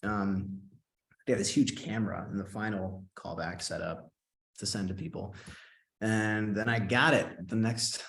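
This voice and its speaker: A young man chatting as an interview guest, retelling events with quick bursts of excitement in a fairly low voice. He acts out his own past reactions as he talks. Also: vocal fry. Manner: animated, quoting himself in excited bursts. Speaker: guest actor and singer. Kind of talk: casual interview storytelling.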